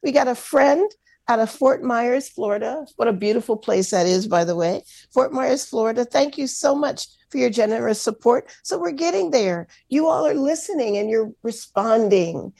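A woman's voice: fairly high pitch, animated, normal speed, creaky, dark tone. A woman hosting a community radio pledge drive, upbeat and encouraging as she thanks listeners and asks for donations in a radio studio. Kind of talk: community radio fundraising talk.

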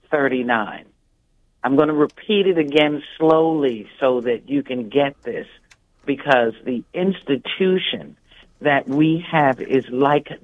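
A man calling in by phone to a radio pledge drive, speaking earnestly and emphatically and repeating his points. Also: mid-range voice. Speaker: radio show host calling in. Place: in the Dominican Republic. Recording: phone-line audio.

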